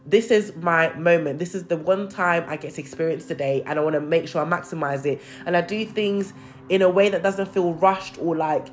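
A young woman venting in a casual monologue, candid and expressive, swearing freely. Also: lowish voice, normal speed.

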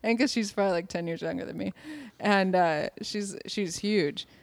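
A young adult woman in casual chat, blunt and swearing freely, quick to laugh. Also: medium pitch, vocal fry, dry recording.

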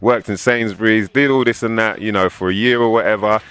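A man's voice: fairly low pitch, a little fast, smooth, no echo. A man in his thirties with an English accent, a rapper talking casually in an interview and acting out the voices of people he quotes. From England. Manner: animated storyteller, acts out quoted voices.

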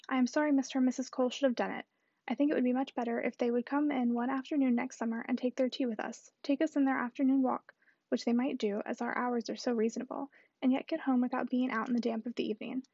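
A woman reading the lines of a fussy, anxious elderly gentleman who worries about his daughter. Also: a little high, husky, no room sound, muffled recording. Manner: fretful, soft-spoken.

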